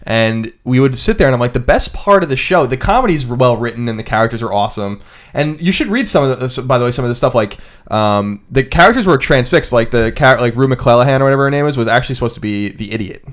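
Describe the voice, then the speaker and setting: A man's voice: medium pitch, expressive, fast. A man co-hosting a podcast, talking enthusiastically in casual chat. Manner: enthusiastic, full of fillers like "dude" and "like". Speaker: podcast co-host.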